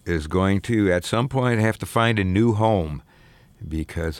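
Older guy radio dj, real low voice, rambly and laid back, lots of uhs, dry close sound. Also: steady tone, normal speed, clean tone, no echo. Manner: rambling, many filler ums and restarts. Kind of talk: laid-back radio music show patter. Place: radio studio.

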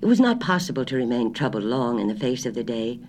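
A narrator giving a measured, expressive reading of a story. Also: mid-range voice, a little hiss or hum. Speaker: audiobook narrator.

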